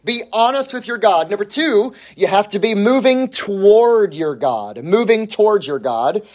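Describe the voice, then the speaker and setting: A man's voice: high-pitched, lively intonation, normal speed, a little mellow. A man preaching a sermon as pastor, emphatic and repeating his key phrases for weight.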